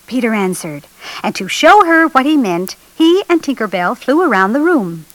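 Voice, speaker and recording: A woman reading a children's storybook aloud in an expressive, animated way, lifting her voice for the children's lines. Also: fairly high pitch, moderate pace, no room sound, low-quality recording. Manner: lively expressive read-aloud, raising her voice for children's dialogue. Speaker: storybook narrator.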